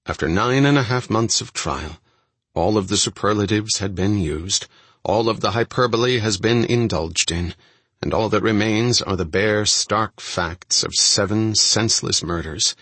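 A man reading the words of a grave older male judge, solemn and measured. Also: low voice, a bit bright, breathy edge, no room sound, exaggerated voice.

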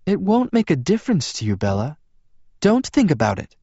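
Man voicing a pushy young woman, gushing, much higher and louder, storybook. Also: very animated, moderate pace, dry recording, dull audio. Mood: insistent. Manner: insistent, gushing.

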